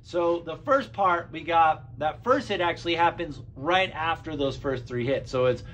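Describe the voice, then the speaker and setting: High-voiced man teaching drums. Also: a little slow. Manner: relaxed, counts beats aloud and vocalizes rhythms. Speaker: drum teacher. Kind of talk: casual drum lesson. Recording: loud drum kit playing behind. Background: drum kit.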